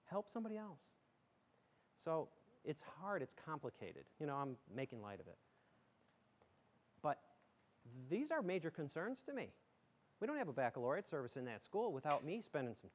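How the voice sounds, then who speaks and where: High-voiced folksy middle-aged man. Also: big pitch swings, normal speed, long pauses. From southern tier of western New York. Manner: joking, folksy, emphatic. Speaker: school superintendent. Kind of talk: folksy talk to a community audience.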